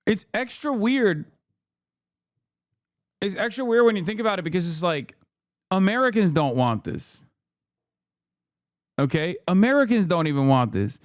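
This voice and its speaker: A man in his thirties rants his way through a live-stream reaction, swearing freely and sounding openly incredulous. His voice sits fairly high for a man and comes across smooth and clear. The sound is close and dry, with no room around it. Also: very animated, a little slow, pauses often, no room sound. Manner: profane, incredulous ranting with sarcastic asides. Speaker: streamer reacting to clips and chat.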